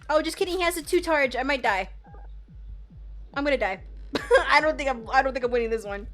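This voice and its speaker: A young woman streaming herself playing a game, chatting casually and playfully, swinging from loud outbursts to quiet mumbles. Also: high-pitched, fast talker. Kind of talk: casual gameplay commentary. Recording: faint game music behind.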